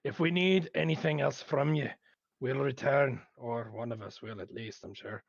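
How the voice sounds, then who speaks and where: A man's voice: mid-range voice, moderate pace, gravelly, no room sound. A man playing his character in a tabletop game, speaking politely. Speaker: player. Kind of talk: in-character tabletop role-play. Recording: slightly dull, dry mic.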